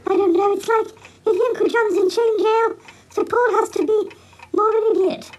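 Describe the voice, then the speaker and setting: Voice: very high-pitched, steady tone, moderate pace. A performer voicing Ig, a timid, worried helper who stammers and hesitates and is out of breath. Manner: hesitant, many ums and stammers.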